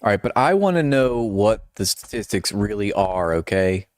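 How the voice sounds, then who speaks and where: A man with a fairly low voice hosts a live stream, reading articles aloud and breaking off into mocking, sarcastic asides. His voice sounds close and dry, with no room echo. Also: expressive, normal speed, a little mellow. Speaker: political commentary streamer.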